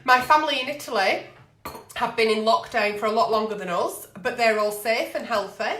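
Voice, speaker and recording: Blunt sweary agony aunt. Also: female voice, fairly high pitch, brisk, fairly bright tone, roomy sound. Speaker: agony aunt show host. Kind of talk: live-streamed advice chat.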